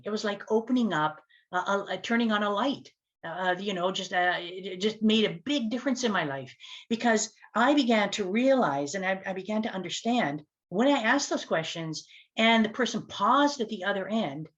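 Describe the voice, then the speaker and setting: A woman speaks to her audience in an animated storytelling way. Her voice leaps up and drops low as the story goes on. The recording is a little dull and lo-fi. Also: normal speed. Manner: animated storytelling with big pitch swings. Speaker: speaker and communication coach. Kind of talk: storytelling talk to camera.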